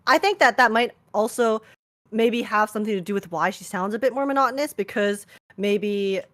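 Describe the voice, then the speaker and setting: A woman guest in a casual podcast chat, easygoing and quick to laugh. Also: mid-range voice, fairly bright tone. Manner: giggly and easygoing.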